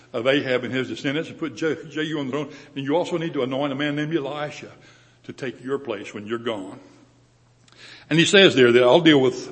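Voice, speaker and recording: Older male preacher, plain mid-pitched voice, conversational teaching tone, hall reverb. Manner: conversational Bible teaching with paraphrased quotes. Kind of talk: sermon.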